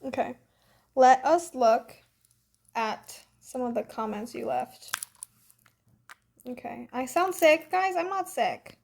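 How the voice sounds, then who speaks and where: A woman's voice: high-pitched, animated, takes it slowly, gravelly, pauses often, darkish tone. A young woman chatting casually on a phone livestream and reading fan comments, a bit congested, breezy and full of "like" and "literally".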